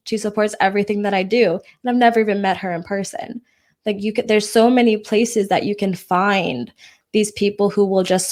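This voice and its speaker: A young adult woman co-hosting a podcast, talking candidly and encouragingly in casual chat with a teasing streak. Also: medium pitch. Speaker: podcast co-host.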